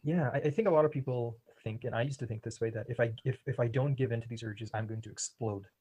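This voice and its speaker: A man's voice: mid-range voice, quick pace, warm tone, husky, poor audio. A man hosting a podcast and coaching a listener in casual conversation, explaining with everyday analogies and many ums. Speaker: podcast host and quitting coach.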